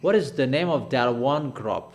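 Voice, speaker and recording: A man's voice: mid-range voice, animated, normal speed. A man preaching a sermon in a declamatory, repetitive way.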